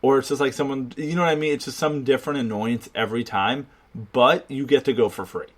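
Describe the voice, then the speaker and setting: Podcast co-host, male, mid pitch, loose rambling delivery full of fillers and swearing. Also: fairly even intonation, fast. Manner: rambling, heavy on filler words, profane. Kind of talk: casual chat.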